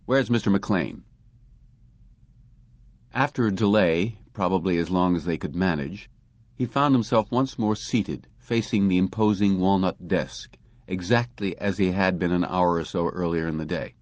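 Male audiobook narrator, low voice, dry close sound, measured story reading. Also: no room sound, muffled recording. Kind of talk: scripted narration.

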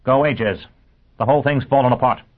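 A man voicing an urgent woman bringing news, in a raised, higher voice, in an audiobook reading. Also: fairly quick, close to an everyday voice. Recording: tinny phone-like audio.

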